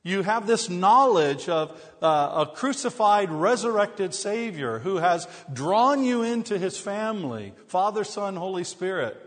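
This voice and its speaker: A man's voice: high-pitched, sing-song, a little slow, few pauses, fairly bright tone. A man preaching a sermon as pastor, telling funny self-deprecating stories before turning to scripture. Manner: humorous storytelling with self-deprecating jokes. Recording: long hall reverb.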